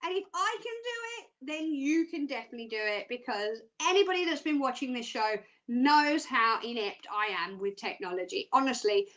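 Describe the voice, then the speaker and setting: Australian female presenter, psychic phone-in host, high bright voice, chatty and giggly. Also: lively intonation, brisk, hardly any pauses, dull audio. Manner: chatty, self-mocking, giggly. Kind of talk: live TV psychic readings.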